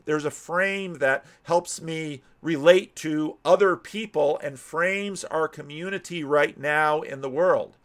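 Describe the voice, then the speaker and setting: American pastor teaching in a loose, searching way. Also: male voice, fairly high pitch, fairly bright tone. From United States. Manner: thinking aloud, frequent restarts and repeated words. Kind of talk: casual teaching talk.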